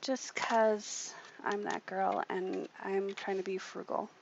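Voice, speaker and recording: A woman's voice: medium pitch, little pitch movement, takes it slowly, gravelly. A woman hosting a casual craft tutorial, chatty and thinking aloud as she works at her desk. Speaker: craft channel host. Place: home craft room at a desk. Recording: muffled, lo-fi audio with background noise.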